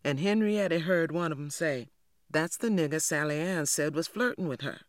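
A man voicing a gossipy older Southern churchwoman in a storybook reading, telling a story in a chatty, animated way. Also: fairly high pitch, normal speed, no room sound, clean studio sound, pitched above the performer's own voice, natural voice. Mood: gossiping.

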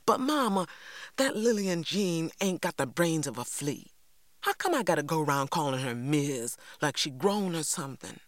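A woman voicing a spirited, defiant young girl in an audiobook, indignant and quick to argue back. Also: medium pitch, expressive, no room sound, studio quality, pitched above the performer's own voice, close to an everyday voice. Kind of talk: audiobook character voice.

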